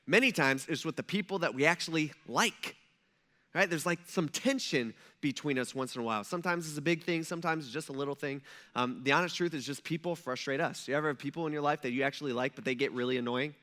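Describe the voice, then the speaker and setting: A man's voice: a little high, fast talker, sharp tone. A man preaching a conversational sermon in a church, telling stories and acting out quoted asides. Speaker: pastor.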